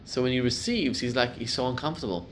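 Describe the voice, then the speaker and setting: A middle-aged man, a rabbi, giving a class to a live group, telling stories and building to loud emphatic peaks. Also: medium pitch, fast talker, slight background noise.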